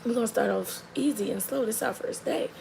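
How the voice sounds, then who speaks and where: Brief: young mom, gravelly voice, chatty, faint hiss behind. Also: female voice, a little high, brisk. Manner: animated, chatty, lots of fillers. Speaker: mother. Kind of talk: casual storytelling chat. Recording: faint background noise.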